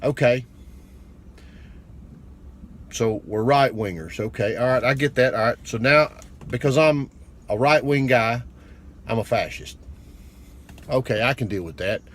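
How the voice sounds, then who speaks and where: A man giving a blunt, crude political rant to camera that builds to shouting anger. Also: medium pitch, measured pace, long pauses, a little hiss or hum. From United States. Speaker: vlogger.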